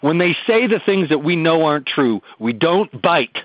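A man's voice: fairly high pitch, big pitch swings, moderate pace, no room sound. Radio guest, male parenting expert, earnest and emphatic, dull dry radio audio. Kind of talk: radio talk show discussion.

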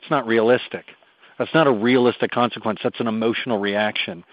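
A man's voice: fairly low pitch, fairly even intonation, brisk, no room sound. Radio guest, male parenting expert, earnest and emphatic, dull dry radio audio. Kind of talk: radio talk show discussion.

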